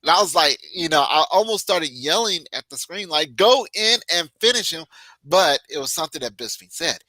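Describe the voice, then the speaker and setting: A man's voice: on the high side, brisk, no room sound, rough recording. A man co-hosting a combat sports podcast, giving casual, emphatic opinions and stories. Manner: animated, emphatic storytelling. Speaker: podcast co-host.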